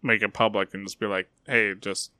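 A man's voice: fairly low pitch, flat delivery, normal speed, pushed and bright, dry recording. A young man co-hosting a podcast in casual chat, mostly giving short reactions and dry sarcastic asides. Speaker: podcast co-host.

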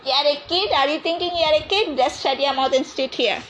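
Brief: woman voicing a high-pitched, bickering grandmother in a comedy cooking skit. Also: brisk, a bit bright, slight background noise, poor audio. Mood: scolding. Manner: scolding, bossy, bickering. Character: bossy scolding grandmother, cooking show.

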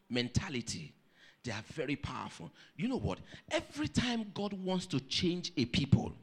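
Pastor guy preaching, highish voice, swoops up and down a lot, keeps asking the church questions. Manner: animated storytelling preacher, asks the congregation questions. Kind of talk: sermon.

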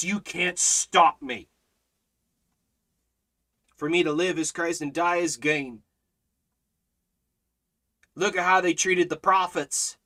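A man teaching a Bible study with fiery, preacherly passion. His voice sits high and sounds bright and forceful. He swings from loud, driving exhortation down to hushed, urgent emphasis.

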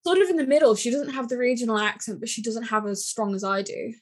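A young woman from York with a southern English accent, chatting casually and relaxed, with the odd casual swear. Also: fairly high pitch, fast, husky. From York, England. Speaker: conversation partner. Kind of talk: casual chat.

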